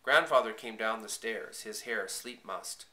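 Bright-voiced man reading a storybook. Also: lowish voice, unhurried, reverberant. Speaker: audiobook reader. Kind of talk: first-person storybook narration.

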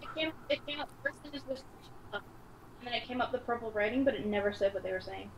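A woman in casual gameplay chat, teasing and talkative. Her voice sits a little on the high side, with a faint hiss of noise behind it. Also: fast, gravelly, rough recording. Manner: chatty, teasing.

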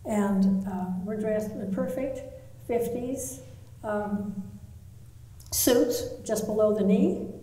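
A woman artist telling a long story in a live talk, pausing often with fillers. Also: mid-range voice, dark tone. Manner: anecdotal, with pauses and fillers. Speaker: artist interviewee. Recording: echoey hall, mic from far off, faint ambience.

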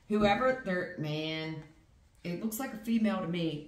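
A woman giving a casual tarot reading in a blunt, profane, animated way, acting out people's feelings as she goes. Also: on the low side, unhurried, reverberant, noisy background. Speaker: tarot reader.

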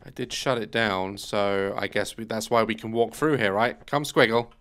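A man's voice: fairly low pitch, steady tone, normal speed, fairly bright tone, a little hiss or hum. A man giving let's play commentary on a video game, chatty and bemused, thinking aloud as he plays. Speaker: gaming YouTuber.

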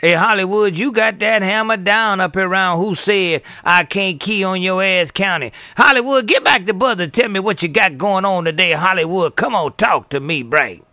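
A man's voice: sits high, moderate pace, few pauses, noisy background. A man chatting on CB radio, trading playful banter full of call signs and sign-offs. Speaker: CB radio operator.

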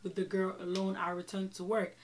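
Woman doing strict bossy employer lady, firm, scolding, middle pitch. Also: monotone, a little fast, slight background noise, natural voice. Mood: stern. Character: stern bossy female employer, strict about bedtime.

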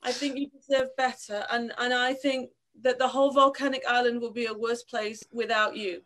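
A woman's voice: a little high, steady tone, moderate pace, a bit bright, close to an everyday voice. A woman doing an earnest eulogy-giver. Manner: earnest, sincere speechmaking. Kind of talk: improvised comedy scene.

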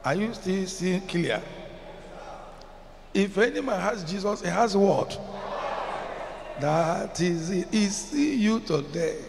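A man's voice: high voice, lively intonation, takes it slowly, gravelly, pauses often, noisy background. A man with a Nigerian English accent preaching a sermon as pastor, emphatic and chanting some phrases, asking the congregation questions. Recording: long reverb in a large hall, faint ambience.

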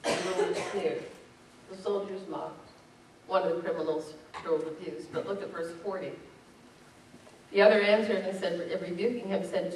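A woman's voice: lowish voice, steady tone, moderate pace, distant mic, slight background noise. Woman pastor preaching in an echoey church. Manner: reads scripture aloud and explains it with rising emphasis. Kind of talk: sermon. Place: church sanctuary.

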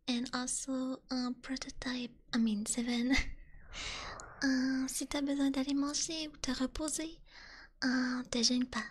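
A woman with a French accent, a native French speaker, chatting as an ASMR streamer in a soft, giggly whisper with drawn-out words. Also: high-pitched, fairly even intonation.

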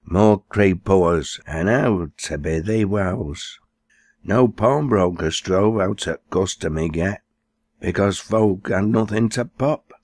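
A man with a Lancashire accent recites dialect verse in a very low, deep voice. He takes his time over every line, and the sound is dry and close with no room around it. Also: takes it slowly, darkish tone, dry recording. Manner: recites broad dialect verse, lifting his voice for quoted characters. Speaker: poetry reader.

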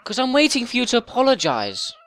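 A man's voice: very high voice, huge pitch swings, fast talker, a bit bright, exaggerated voice. A man putting on the voice of a whiny fourteen-year-old boy gamer, pleading and childish over voice chat.

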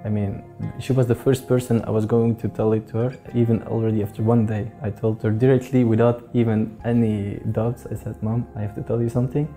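Fast-talking man, dark-toned. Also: fairly low pitch, flat delivery, faint music behind. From Belgium. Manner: earnest, fluent with restarts and pious phrases. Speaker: interviewee, convert. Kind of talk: personal storytelling in an interview.

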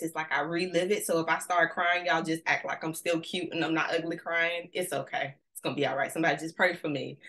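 A woman giving an energetic, playful motivational talk with call-and-response to a virtual audience. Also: sits low. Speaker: conference speaker.

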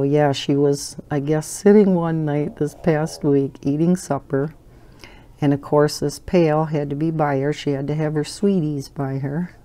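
A warm, low-voiced older woman hosts a coloring channel from home, making casual, rambling conversation while she colors. She uses lots of fillers and laughs fondly as she goes.

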